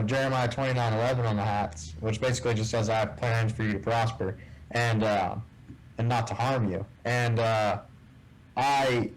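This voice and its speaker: A man as a guest in a casual interview, telling a story and acting out the dialogue with lively shifts in voice. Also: mid-range voice, rough recording. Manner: animated storyteller who acts out quoted dialogue. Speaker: guest, tournament bass angler.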